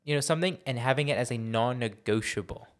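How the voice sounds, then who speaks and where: A man's voice: medium pitch, quick pace. A young man co-hosting a casual podcast, playful and teasing, calling his friend bro and dude. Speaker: podcast co-host. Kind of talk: casual chat.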